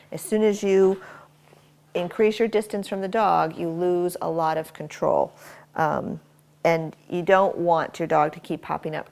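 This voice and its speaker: A woman's voice: fairly low pitch, fairly even intonation, moderate pace, gravelly, a little mellow. A woman dog trainer working with a dog inside a house, explaining her method to viewers between short, firm commands to the dog. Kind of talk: instructional dog training demonstration.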